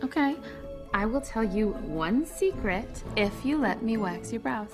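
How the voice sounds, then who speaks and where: Needy, dramatic young receptionist. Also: female voice, fairly high pitch, animated, unhurried. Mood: bossy. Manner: whiny, dramatic, bossy. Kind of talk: sitcom acting. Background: background music.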